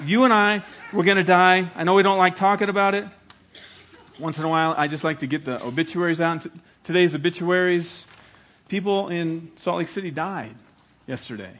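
Earnest pastor preaching with rising fervor. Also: male voice, high-pitched, fairly bright tone. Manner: earnest, rising to emphatic appeals, storytelling asides. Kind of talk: evangelistic sermon.

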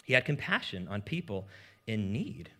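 Man, pastor, sermon, casual and joking, lively, bright. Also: lowish voice, moderate pace.

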